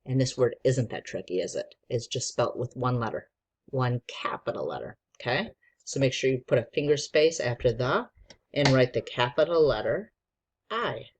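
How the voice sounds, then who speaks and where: A woman's voice: very deep voice, lively intonation, moderate pace, breathy edge. A woman teacher giving a patient, encouraging spelling lesson to young children and sounding out letters.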